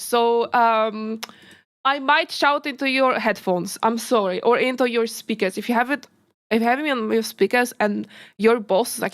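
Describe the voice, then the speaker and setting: Giggly high-voiced woman streamer. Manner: giggly, rambling, self-interrupting; excitable outbursts. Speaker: VTuber streamer. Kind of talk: casual reaction stream chat.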